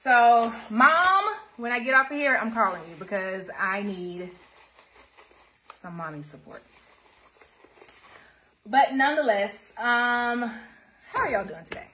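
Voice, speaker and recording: A woman's voice: fairly high pitch, a little slow, pauses often, slight background noise. A woman, hosting a casual live embroidery stream and chatting to her viewers. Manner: chatty, expressive, addresses viewers as y'all. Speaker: embroidery livestream host.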